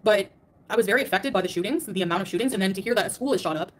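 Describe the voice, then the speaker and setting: Rapid-fire defensive woman streamer. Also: mid-range voice. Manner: defensive and emphatic, repeats herself. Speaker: streamer answering critics. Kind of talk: livestream rant.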